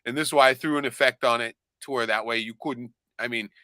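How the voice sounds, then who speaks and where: A man's voice: medium pitch, steady tone, fast talker, bright, forceful tone, no room sound. A man on a casual podcast, rambling and swearing a lot, often tagging lines with "right?". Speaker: podcast co-host. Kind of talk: casual profane chat.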